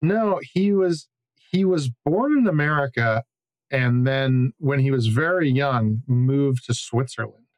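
A man in casual movie chat, profane and laughing, telling animated stories. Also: mid-range voice, measured pace, no room sound. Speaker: podcast co-host.

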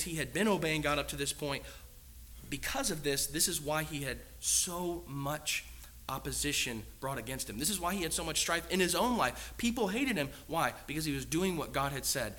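A man's voice: fairly high pitch, fairly bright tone. A man preaching a sermon in an earnest, emphatic way, asking the congregation many rhetorical questions.

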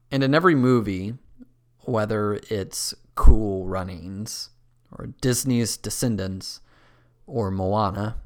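A man preaching a sermon as pastor, earnest, dropping to a hush at dramatic moments. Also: lowish voice, creaky.

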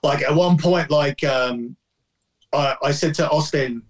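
A man's voice: on the high side, a little slow. A man in his forties telling a long rambling story in casual podcast chat, full of fillers and restarts. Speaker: guest fan.

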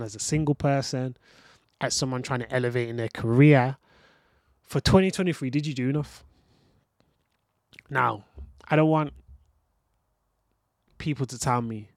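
A man's voice: mid-range voice, no echo, studio quality. A young man hosting a motivational podcast monologue, earnest and reflective, talking straight to the listener. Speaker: podcast host.

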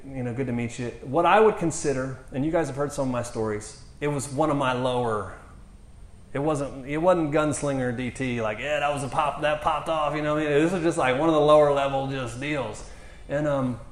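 A man ministering to a congregation, telling a testimony story in an animated way and acting out the quotes. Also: medium pitch, echoey room. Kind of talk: storytelling sermon.

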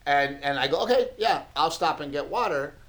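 Animated, exasperated man telling a story. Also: a little high, brisk. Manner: animated storyteller, acts out both sides, exasperated. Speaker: podcast co-host. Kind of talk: casual bickering podcast chat.

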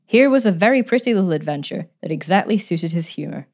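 Woman, storybook narrator, lower voice, measured reading. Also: lively intonation, darkish tone.

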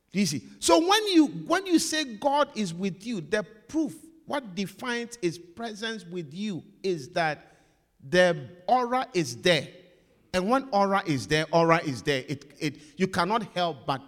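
A male pastor preaching a sermon, repeating his phrases and swinging between loud emphasis and hushed asides, recorded in a church hall. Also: high-pitched, expressive, unhurried.

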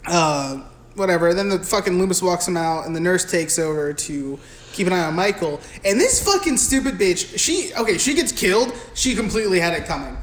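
A young man co-hosting a podcast, recapping a film in a loud, profane, animated way and slipping into voices for the characters. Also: high voice, a little fast. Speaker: podcast co-host. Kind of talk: casual chat recapping a film. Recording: echoey room with faint noise.

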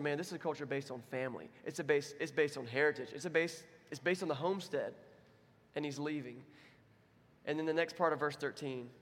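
A man's voice: fairly high pitch, fairly bright tone, long reverb tail. A man preaching a sermon as pastor, in a conversational, self-deprecating way. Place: church.

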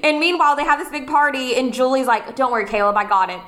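Speaking fast in a high, slightly bright voice with fairly even intonation, this young woman co-hosts a laid-back rewatch podcast. Her delivery is giggly and halting, full of restarted sentences.

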